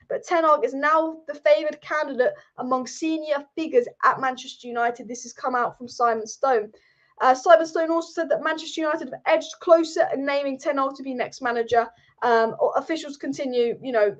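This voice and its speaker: A woman hosts a live fan stream from home, chatty and excitable, circling back over the same points. Her voice sits high, and the stream audio is dull and lo-fi. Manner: excitable, rambling, repeats herself. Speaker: fan livestream host. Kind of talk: live fan commentary chat. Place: sitting at home.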